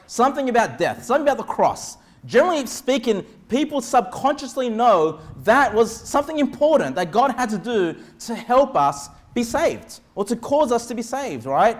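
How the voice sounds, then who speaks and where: A man preaching as pastor, with quick asides and sudden shouted lines. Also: sits high, sing-song. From Australia. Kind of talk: sermon.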